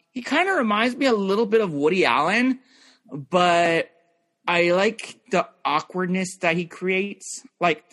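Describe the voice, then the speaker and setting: Young male podcast guest, rambling and loose, voice on the higher side. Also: a bit bright. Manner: rambling, filler-heavy, restarts often. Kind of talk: casual chat.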